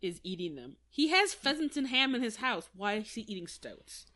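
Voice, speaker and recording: Woman co-host, casual book-podcast chat, rambling, word-searching, trails off soft. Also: medium pitch, sing-song, normal speed.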